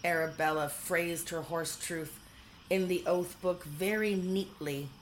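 A woman narrating a whimsical storybook in a measured, dryly humorous way. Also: fairly low pitch, fairly even intonation, a little hiss or hum, rough recording.

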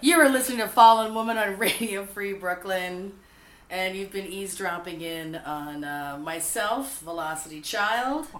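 A woman's voice: medium pitch, normal speed, a bit bright, a little hiss or hum. A woman hosting a casual radio talk show, playful and teasing with her guests. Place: radio studio. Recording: echoey room.

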